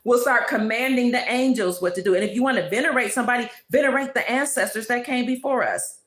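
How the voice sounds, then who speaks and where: A woman's voice: on the high side, fast, a bit bright. A woman hosting her own channel, giving an emphatic spiritual monologue full of repeated declarations. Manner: emphatic, declarative, preachy repetition. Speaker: channel host. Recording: roomy echo.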